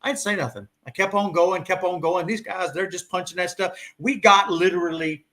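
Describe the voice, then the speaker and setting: A man has a bright, slightly high voice. He tells his fishing stories in an easygoing way during casual talk. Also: brisk. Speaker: fishing guide. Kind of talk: casual chat.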